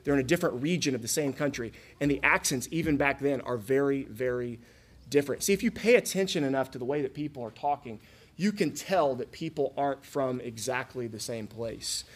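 A man's voice: medium pitch, brisk, slightly rough. A man from Florida preaching a sermon in a casual, conversational way, often asking the listeners questions. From Florida, USA. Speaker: pastor.

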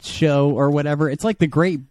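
A young man co-hosting a casual podcast, telling stories excitedly and acting out quotes. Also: fairly high pitch, moderate pace, no echo. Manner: excitable, storytelling with quoted voices. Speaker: podcast co-host.

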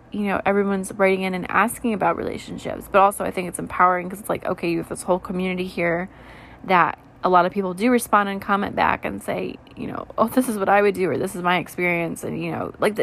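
Sleepy twenty-something woman rambling in a late-night vlog, lots of like and you know, goes soft and quiet. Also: medium pitch, gravelly. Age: 20s. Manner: rambling and candid, heavy use of "like" and "you know". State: tired, yawning. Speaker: vlogger. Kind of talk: late-night reflective casual chat.

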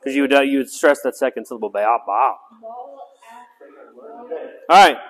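A man's voice: mid-range voice, rapid-fire. A man teaching a Bible study, reading scripture aloud and breaking into chatty asides that end in "right?". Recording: long reverb in a hall.

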